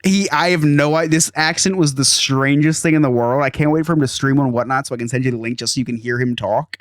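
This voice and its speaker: A man's voice: medium pitch, fast, dry recording, studio quality. A man in his thirties hosting a podcast, telling an exasperated story in casual chat and acting out quotes. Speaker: podcast host.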